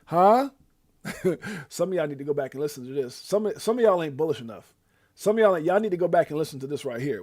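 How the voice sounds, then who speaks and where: A man hosting a live stream, casually reeling off shout-outs to viewers with loud, excited bursts. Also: dry recording, clean studio sound. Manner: lively, hyped, drawn-out shout-outs with sudden loud high bursts. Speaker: livestream host.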